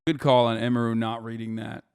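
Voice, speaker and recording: A man's voice: mid-range voice, little pitch movement, a little fast, darkish tone, clear, resonant tone. A man hosting a live stream, joking crudely and rambling in casual chat. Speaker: streamer host.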